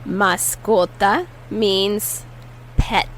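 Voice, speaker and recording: A woman teaching Spanish vocabulary in a patient way, saying each word slowly and repeating it for learners. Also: mid-range voice, steady tone, slight background noise, low-quality recording. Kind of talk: slow, clear language lesson.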